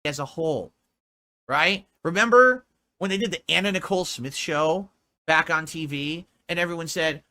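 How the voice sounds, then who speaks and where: A man's voice: a little high, normal speed, bright, forceful tone. A man in a clip played during a reaction video, lecturing in a scornful rant.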